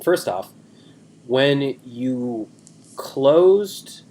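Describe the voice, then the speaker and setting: A man's voice: medium pitch, lively intonation, very slow, dark tone. A young man in his twenties, a podcast co-host, chatting in a rambling, self-deprecating way on a video call. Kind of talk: casual chat.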